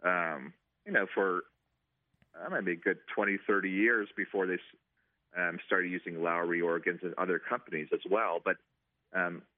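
Deep-voiced man on a tinny phone line. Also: steady tone, normal speed. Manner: hesitant, many ums and restarts. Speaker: stadium organist. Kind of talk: casual interview answers.

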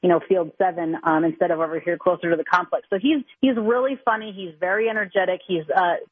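Fast-talking woman reporter on a phone line. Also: fairly low pitch, steady tone, husky, no echo. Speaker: sports reporter calling in. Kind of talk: phone-in interview. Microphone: telephone.

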